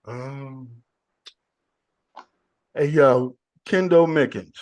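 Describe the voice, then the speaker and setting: A man hosting a casual online panel chat, throwing out questions in an animated, hyped way. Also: mid-range voice, very slow. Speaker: host.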